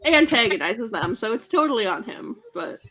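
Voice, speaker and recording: A woman hosting a casual book chat with friends, lively and quick to laugh and exclaim. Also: fairly high pitch, crowd noise. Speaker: host.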